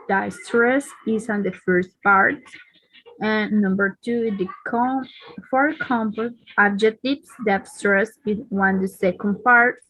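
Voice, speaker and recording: A woman's voice: fairly high pitch, a bit bright, no echo, low-quality recording. A woman whose first language is Spanish, reading a class presentation with hesitations and fillers. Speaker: student presenter.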